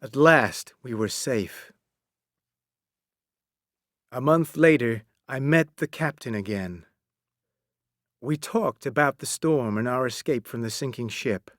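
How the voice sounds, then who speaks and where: A man narrating a graded-reader story for English learners, reading slowly and clearly. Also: mid-range voice, no room sound, clean studio sound. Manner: slow, clear, expressive reading. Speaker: audiobook narrator.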